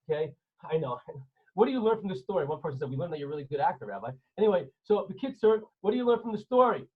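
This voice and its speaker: A male rabbi teaching an online class, telling stories in a theatrical, joking way, with a husky voice. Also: a little high. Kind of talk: online class storytelling lesson. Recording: slightly dull online call audio.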